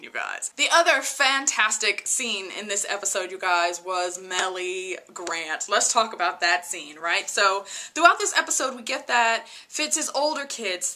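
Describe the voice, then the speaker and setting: A woman's voice: mid-range voice, bright, forceful tone. A woman chatting casually to her viewers while reviewing a TV episode, often laughing and saying "you guys". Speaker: TV review vlogger.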